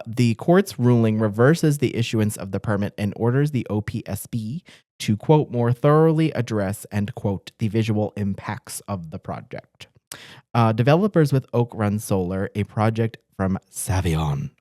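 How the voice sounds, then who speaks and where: A man's voice: on the low side, lively intonation, moderate pace, a little mellow, no echo, studio quality. A man from Massachusetts, a newspaper reporter co-hosting a casual news rundown, joking and laughing often between fillers.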